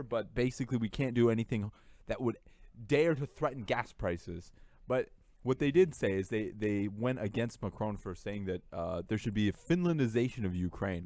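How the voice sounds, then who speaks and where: A man's voice: lowish voice, darkish tone, dry recording. A man co-hosting a casual podcast chat from a room at home, blunt and profane, heating up as he rants. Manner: blunt, profane, heats up when ranting. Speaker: podcast co-host.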